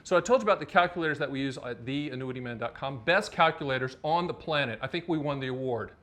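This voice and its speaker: A man from North Carolina hosting a finance show, talking to the camera in an animated, emphatic way with lots of rhetorical questions. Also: medium pitch, fast. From North Carolina, USA. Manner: animated, emphatic, rhetorical, addresses the viewer directly. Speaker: host of a finance channel.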